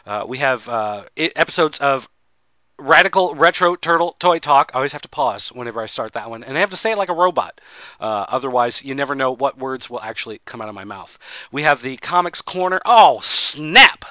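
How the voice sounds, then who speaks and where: A man hosting a podcast, rambling through a relaxed, conversational wrestling recap. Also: mid-range voice, quick pace, no room sound. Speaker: podcast host. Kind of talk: casual chat recapping wrestling.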